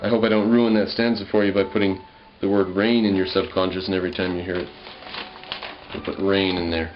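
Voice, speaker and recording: Guy with a lowish voice talking through his own poem, lots of ums, kinda muffled lo-fi sound. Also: level tone, a little fast, faint music behind. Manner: musing, reads lines aloud then explains, frequent ums and restarts. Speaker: poet. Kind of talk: casual spoken commentary on his own poem.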